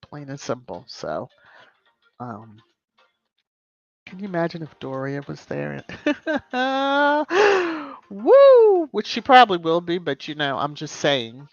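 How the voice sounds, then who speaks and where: A woman's voice: low-pitched, big pitch swings, unhurried, gravelly, pauses often, no echo, dull audio. Chatty woman live-streaming. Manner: chatty, greets viewers by name, emphatic asides. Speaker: YouTube live-stream host. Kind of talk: casual live-stream chat reading comments.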